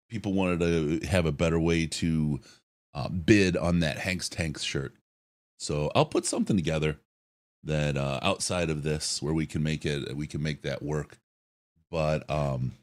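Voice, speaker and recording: A man co-hosting a live-stream podcast, reading out donations and thanking people with halting restarts and chuckles. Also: very deep voice. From Detroit area. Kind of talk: casual live-stream chat.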